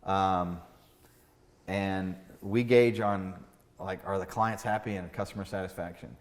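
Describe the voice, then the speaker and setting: A man hosting a podcast as an estate planning lawyer, chatting casually with lively storytelling and frequent restarts. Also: a little slow. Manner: animated storytelling, acts out doctor skits with big pitch jumps; fillers and restarts, laughs at own jokes. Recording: room with long reverb.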